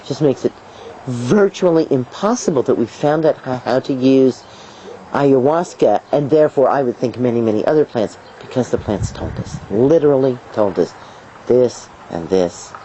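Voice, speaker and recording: A middle-aged woman herbalist telling stories in an interview, lively and playful, acting out voices and laughing as she talks. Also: very deep voice, moderate pace. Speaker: herbalist guest. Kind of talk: storytelling interview answers. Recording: dull lo-fi video sound, faint hiss.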